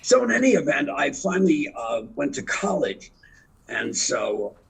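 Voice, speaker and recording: An actor in his seventies, appearing as an interview guest, tells rambling, self-deprecating anecdotes. His voice is fairly high, sing-song, creaky, and slightly rough, at a measured pace, and the audio is poor.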